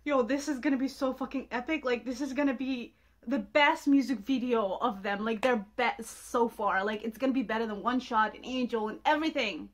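A woman's voice: fairly high pitch, a little fast. A young woman reacting to music video trailers, gushing and swearing, with sudden shrieks between muttered asides. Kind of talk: excited reaction commentary.

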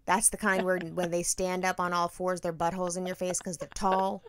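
A woman in her thirties hosting a podcast, telling a story with animated, profane energy. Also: lowish voice, normal speed, clear, resonant tone, no echo, studio quality. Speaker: podcast host. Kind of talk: casual storytelling chat.

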